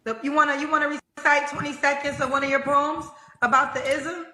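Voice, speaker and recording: A woman's voice: sits high, flat delivery, fairly quick, bright, forceful tone, roomy sound. A woman interviewing a guest on a talk show, probing with matter-of-fact questions.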